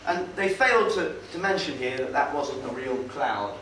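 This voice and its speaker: A man's voice: a little high, expressive, moderate pace, pushed and bright. Sardonic man lecturing a hall. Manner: conversational, sardonic, hesitant with fillers. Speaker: speaker at a public talk. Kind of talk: casual lecture to an audience. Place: meeting hall. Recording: roomy hall, far from mic, faint noise.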